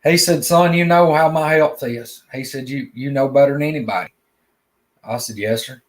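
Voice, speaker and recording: A man with an unhurried drawl tells a personal story in plain, homespun words. He often stumbles over and repeats words as he talks. His voice sits at an ordinary middle pitch. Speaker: guest storyteller. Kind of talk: casual spoken storytelling.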